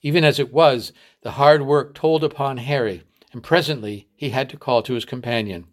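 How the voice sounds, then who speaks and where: A man from a readers' theatre reading a short story aloud in a measured storytelling voice. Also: medium pitch.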